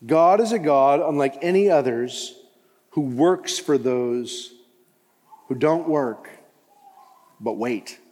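A man preaching a sermon as pastor, impassioned and rising to loud emphatic cries. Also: mid-range voice, animated, slow, pauses often. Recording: long hall reverb.

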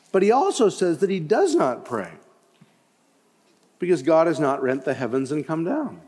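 A man preaching a sermon as pastor, impassioned and rising to loud emphatic cries. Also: on the high side, very animated, normal speed. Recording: long hall reverb.

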